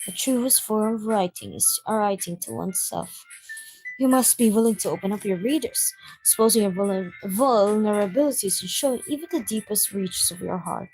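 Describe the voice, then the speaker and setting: A man voicing a shy, bookish teenage girl in a visual novel game, speaking quietly and softly in a measured way. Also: high voice, soft background music, rough recording. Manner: quiet, soft-spoken, measured. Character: shy bookish teen girl, soft and reserved.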